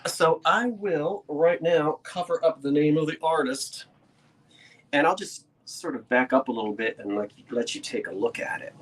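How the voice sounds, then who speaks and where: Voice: medium pitch, moderate pace, a bit bright, a little hiss or hum. An antiques reseller, chatting casually to a live chat while showing a painting, rambling and laughing often as they build suspense. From South Jersey, USA. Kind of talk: casual show-and-tell talk to a live chat. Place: indoors at a desk with a laptop.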